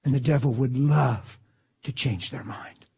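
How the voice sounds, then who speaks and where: Husky, fervent male preacher. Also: mid-range voice, measured pace. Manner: fervent, swinging from exclamations to hushed whispers. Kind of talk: sermon.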